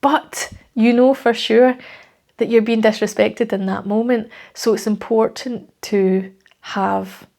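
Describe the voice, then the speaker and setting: A woman's voice: a little high, fairly even intonation, slow pace, creaky, darkish tone. A woman with a Scottish accent, a life coach talking straight to the viewer in a conversational, reassuring way, often ending with tag questions. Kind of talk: direct-to-camera coaching talk.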